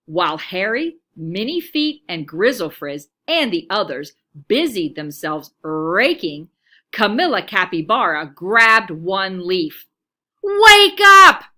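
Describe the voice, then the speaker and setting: A woman's voice: fairly low pitch, slow pace. A woman teacher reading a children's picture book aloud, telling it expressively. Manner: expressive storytelling, lively.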